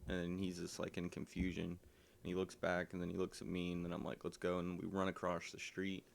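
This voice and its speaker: A man's voice: sits low, monotone, a little fast, creaky. A man casually telling a personal story, rambling with lots of ums and likes.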